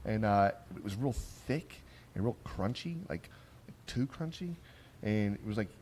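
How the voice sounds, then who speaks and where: A man hosting a podcast on location at a trade conference, his voice sitting a little low. He rambles through stories in a loose, salty way, restarting sentences as he goes, with a faint hum of noise behind him. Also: lively intonation, a little slow, darkish tone. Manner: rambling storyteller, rough-spoken with restarts. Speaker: podcast host. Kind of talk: casual chat.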